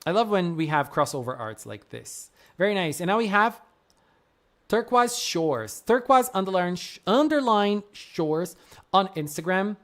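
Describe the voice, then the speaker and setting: A woman's voice: medium pitch, sing-song, measured pace. A woman streamer chatting casually on a live stream, gushing effusively with frequent exclamations, laughs and gasps. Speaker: streamer reviewing fan art.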